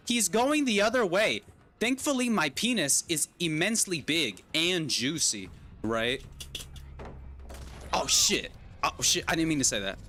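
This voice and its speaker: Male gaming streamer, high and animated, loud crude reactions. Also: a little slow, a little hiss or hum. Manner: excitable, crude, joking, lots of yelling and laughing. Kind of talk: casual livestream commentary.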